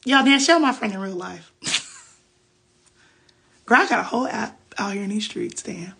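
A woman's voice: medium pitch, a little slow, creaky, bright, forceful tone, slightly rough. A woman hosting a faith podcast, giving casual Bible teaching on a phone livestream in a chatty, preachy way with loose slang.

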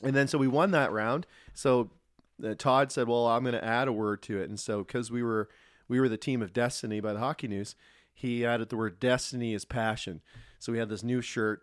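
A former pro hockey player, a man, telling relaxed, rambling stories as a podcast guest. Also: medium pitch, moderate pace, clear, resonant tone, dry recording, studio quality. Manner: relaxed, anecdotal, lots of restarts. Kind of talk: casual storytelling.

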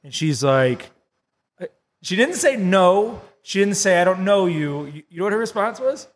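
A man co-hosting a casual podcast, telling an animated story, laughing often and acting out what people said. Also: high voice, moderate pace, big-room sound. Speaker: podcast co-host.

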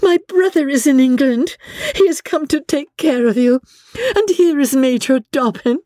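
A woman voicing a gentle young widow, speaking high and breathless with emotion. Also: moderate pace, no echo, clean studio sound, close to an everyday voice. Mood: overjoyed.

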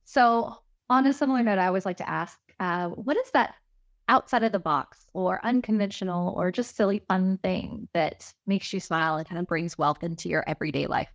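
A woman's voice: on the low side, moderate pace, no echo, clean studio sound. A woman hosting a podcast interview, encouraging and affirming her guest and laughing along. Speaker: podcast host.

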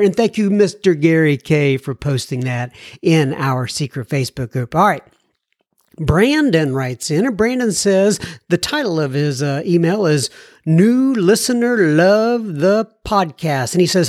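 A man's voice: on the high side, no room sound, clean studio sound. A man with a Texan accent hosting a podcast, chatting casually as he reads listener mail, folksy and full of fillers. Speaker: podcast host.

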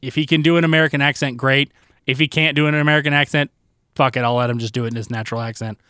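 Smooth-voiced man chatting casually. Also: medium pitch, rapid-fire, no echo, studio quality. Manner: relaxed, chatty, trails off with fillers. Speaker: podcast co-host. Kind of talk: casual chat.

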